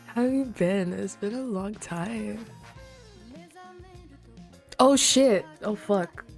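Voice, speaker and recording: A young adult woman streaming, chatting casually with viewers, excitable and swearing freely as she greets them by name. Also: mid-range voice, takes it slowly, vocal fry, long pauses, faint music behind.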